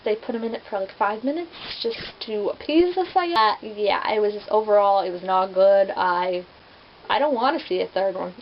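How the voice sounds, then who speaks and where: A woman's voice: medium pitch, creaky. A young woman reviewing movie adaptations in a casual vlog, chatty and rambling, full of "like" fillers. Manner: chatty, rambling, heavy use of "like". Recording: dull lo-fi with faint hiss.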